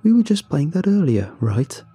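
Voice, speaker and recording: A man voicing a sinister furry rabbit-like creature that speaks slowly and softly with mock-friendly menace. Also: on the high side, very animated, breathy edge, faint music behind, pitched above the performer's own voice, heavily acted. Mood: menacing.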